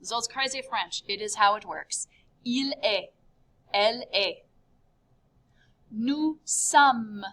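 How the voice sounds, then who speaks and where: A woman teaching a beginner French class in an upbeat video lesson, spelling out each form with clear, careful enunciation. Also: mid-range voice, a little slow, sharp tone.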